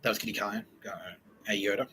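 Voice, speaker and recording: A man's voice: lowish voice, flat delivery, rapid-fire, sharp tone, slight background noise, low-quality recording. An Australian man hosting a podcast, telling a rambling comic story full of swearing and laughter. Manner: profane, laughing, digressive storytelling. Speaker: podcast host.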